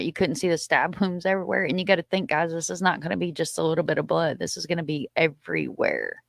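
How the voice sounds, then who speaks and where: Gravelly-voiced livestream host, casual and blunt. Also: medium pitch, a bit bright, dry recording, studio quality. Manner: chatty, repeats short agreements, blunt opinions. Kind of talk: casual live chat reacting to viewer comments.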